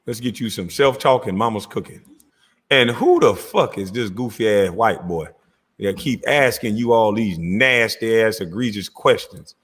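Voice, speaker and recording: A man's voice: fairly low pitch, lively intonation, moderate pace, husky. A man hosting his own channel, cursing and mocking as he reacts to clips. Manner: mocking, cursing, laughing loudly. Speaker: commentary channel host. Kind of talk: profane reaction rant.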